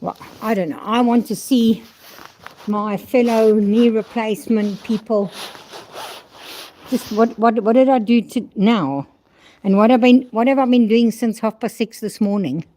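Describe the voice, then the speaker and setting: A woman's voice: fairly high pitch, unhurried, dark tone. Older woman, chatty rambling vlog talk, outdoors at a stable, phone camera. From South Africa. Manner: chatty, rambling, talks fondly to her horses. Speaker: vlogger. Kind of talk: casual vlog chat.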